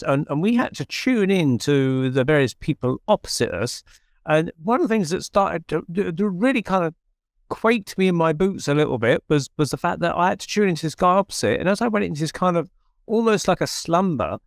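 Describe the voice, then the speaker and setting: A man's voice: a little high, gravelly, no echo, clean studio sound. A middle-aged man with an English accent, hosting a podcast and telling his own story in a chatty, self-deprecating way with many restarts. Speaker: podcast host. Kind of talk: conversational storytelling.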